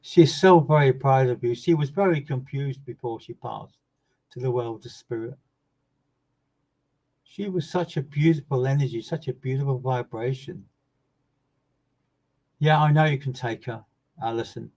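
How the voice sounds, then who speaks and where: A man's voice: mid-range voice, a little slow, long pauses, a little mellow, low-quality recording. Earnest man giving readings. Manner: earnest and emphatic, repeats words and phrases for stress. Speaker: medium. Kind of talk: live online mediumship reading addressing viewers by name.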